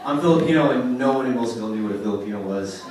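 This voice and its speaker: A man's voice: medium pitch, rapid-fire, very noisy. Young man doing stand-up in an echoey club. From Oregon, USA. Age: 20s. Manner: casual, lively storytelling with put-on quoted voices. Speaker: stand-up comedian. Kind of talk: stand-up comedy set. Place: comedy club stage. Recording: echoey club from far off, loud crowd. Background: audience laughter.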